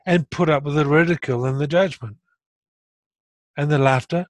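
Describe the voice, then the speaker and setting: A man's voice: a little high, normal speed, no room sound. A middle-aged man speaking bluntly and earnestly in a casual conversation. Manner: earnest, blunt, animated when retelling. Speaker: guest sharing stroke recovery story.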